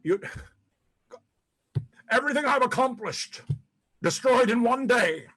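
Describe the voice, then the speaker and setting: A man's voice: very high-pitched, expressive, a little slow, fairly bright tone, exaggerated voice. An actor playing a disgraced, paranoid older male ex-president in a dramatic monologue, profane and rambling, stammering over repeated words. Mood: self-pitying, bitter.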